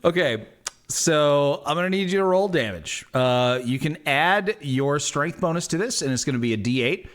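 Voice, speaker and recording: A man running a tabletop game, his voice a bit higher than most men's. He swings up and down in pitch, animated and a little hesitant as he rules on dice rolls. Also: moderate pace. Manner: lively, hesitant with fillers. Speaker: game master.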